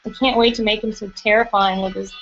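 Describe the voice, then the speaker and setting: A woman's voice: mid-range voice, flat delivery, fast. A woman live-streaming from her home studio, chatting casually and gushing as she answers viewers while she works. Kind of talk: casual chat while working. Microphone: computer mic on a livestream. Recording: muffled lo-fi stream audio, faint music.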